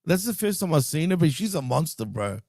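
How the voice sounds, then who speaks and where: Excitable man chatting wrestling, dude and bro. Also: a little high, fairly quick, creaky, slightly rough, no echo, studio quality. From Greek heritage. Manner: loose and excitable, swears and says dude and bro. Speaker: podcast co-host. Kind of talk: casual wrestling chat.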